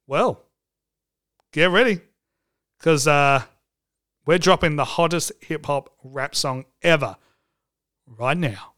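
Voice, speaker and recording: A man hosts a comedic podcast in a joking, irreverent way, swearing freely and hamming up bits. His voice sits a little high for a man. Faint music plays underneath. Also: takes it slowly, long pauses, a bit bright. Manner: joking, irreverent, mock phone call, swears. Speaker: podcast host.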